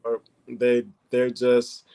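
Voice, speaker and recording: Casting: man with a gravelly edge, casual panel talk, hesitant, full of restarts. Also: medium pitch, monotone, mellow. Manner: halting, many fillers and restarts. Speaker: panelist discussing card readings. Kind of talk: casual group chat.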